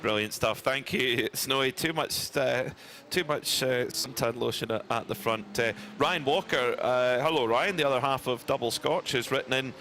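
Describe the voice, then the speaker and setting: A Scottish man works through live race commentary at an even, middling pitch. His tone is relaxed and conversational, full of easy back-and-forth. Faint circuit noise sits behind his voice. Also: moderate pace, few pauses. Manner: chatty, relaxed banter.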